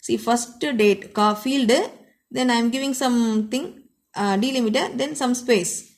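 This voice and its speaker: A woman gives a computer science lesson in a slightly high voice. She walks through the code step by step and repeats key points. She keeps closing each point with the same short phrase. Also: measured pace. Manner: repetitive, explanatory, keeps ending points with a set phrase. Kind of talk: classroom coding lecture.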